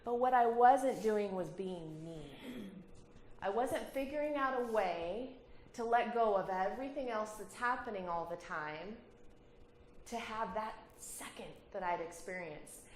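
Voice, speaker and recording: A woman's voice: mid-range voice, unhurried. A woman, telling a personal story as a guest speaker at a community hall. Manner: animated, laughing storyteller. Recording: roomy hall with faint ambience.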